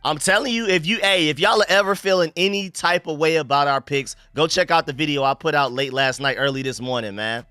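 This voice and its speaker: A young man from North Carolina with a Southern accent, hosting a casual live stream from his room, animated and slangy, talking straight to his viewers. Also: a little high, fairly quick, hardly any pauses, clean tone, dry recording, studio quality. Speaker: sports live-stream host.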